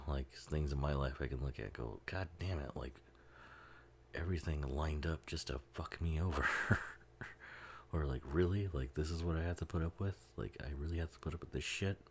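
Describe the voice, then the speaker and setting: A man's voice: very deep voice, moderate pace, a little mellow, slight background noise. A man giving a casual, rambling commentary over a film, laughing often and swearing freely. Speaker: movie commentary host.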